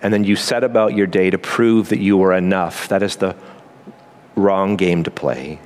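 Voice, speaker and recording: A man preaching a sermon as pastor, earnest and emphatic, with quick asides and slow pauses. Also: deep voice, fairly even intonation, a little mellow.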